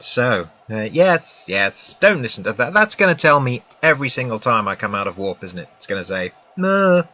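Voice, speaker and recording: A man's voice: medium pitch, bright, forceful tone, a little hiss or hum. A British man giving casual live-stream commentary on a game at home, chatty and full of self-mocking asides. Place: at home with a laptop.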